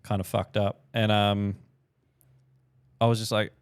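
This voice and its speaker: A man's voice: lowish voice, level tone, unhurried, clear, resonant tone, no room sound. A man, the podcast guest, talking about his drinks brand in a laid-back, agreeable casual chat. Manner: laid-back, agreeable, lots of short "yeah"s.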